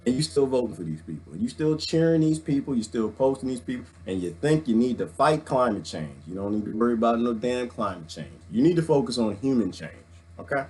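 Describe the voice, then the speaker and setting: A man, ranting in an excitable, jokey, preachy way on a livestream, wired on coffee, swinging from loud to hushed. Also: medium pitch, fairly quick. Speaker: vlogger reading live comments. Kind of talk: animated livestream rant.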